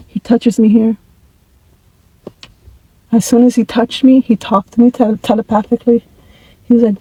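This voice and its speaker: Very mellow-voiced woman telling a story. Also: fairly high pitch, normal speed, long pauses, husky, no room sound, low-quality recording. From United States. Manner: animated, repetitive, restarts words. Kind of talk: casual storytelling to camera.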